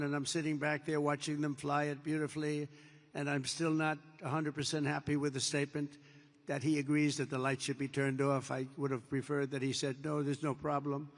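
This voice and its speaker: An older man giving a rambling speech as president, digressing and repeating himself, acting out bits of dialogue in an anecdote. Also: on the high side. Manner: digressive, repetitive, with acted-out quotes. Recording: long reverb of a large hall.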